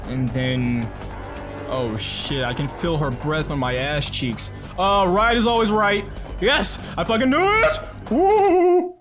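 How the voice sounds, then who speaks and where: A young man giving casual, profane, jumpy gameplay commentary as a streamer. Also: medium pitch. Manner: excitable, profane, jumpy reactions. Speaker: gaming streamer.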